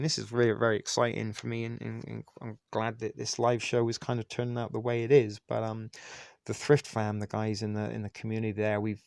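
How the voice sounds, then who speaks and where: Guy rambling on his live stream, lots of ums, kinda low gravelly voice. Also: no room sound. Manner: rambling, many fillers and restarts. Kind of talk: casual live stream chat. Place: Toronto.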